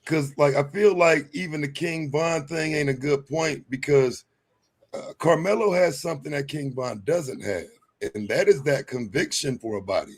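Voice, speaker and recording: Husky man making casual points. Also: fairly high pitch, normal speed. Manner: casual, laid-back slang. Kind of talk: heated panel debate.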